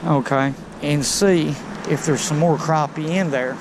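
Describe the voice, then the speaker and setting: Gravelly angler, slow drawl, excitable, chatting to viewers from a boat. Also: male voice, fairly high pitch, noisy background. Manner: excitable, talks straight to viewers. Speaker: fishing vlogger. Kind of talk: casual narration while fishing. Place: outdoors on a boat on a river.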